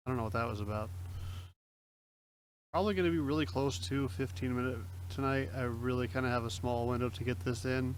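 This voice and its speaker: A man's voice: mid-range voice, slight background noise, low-quality recording. Chatty self-mocking young man. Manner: chatty, self-mocking, explains plays aloud. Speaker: poker streamer. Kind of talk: casual commentary over online poker.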